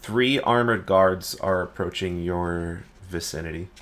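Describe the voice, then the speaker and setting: A man narrating as dungeon master in a tabletop game, in a calm, measured way. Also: low voice.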